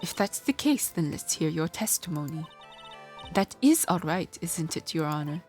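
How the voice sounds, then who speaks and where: A woman's voice: low-pitched, lively intonation, moderate pace, darkish tone, soft background music. Woman reading a smug prosecutor. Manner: condescending, commanding.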